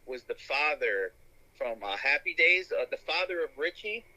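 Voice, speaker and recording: A man's voice: fairly high pitch, animated, moderate pace, sharp tone, low-quality recording. A man hosting a podcast in casual chat, talking enthusiastically and rambling with restarts. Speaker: podcast host.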